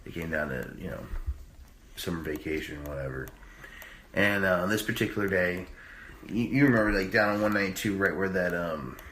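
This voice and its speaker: A man in his thirties telling a long story in casual chat, rambling and profane, with sudden high-pitched bursts when he mimics others. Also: fairly quick, fairly bright tone. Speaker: podcast co-host. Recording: echoey room with faint noise.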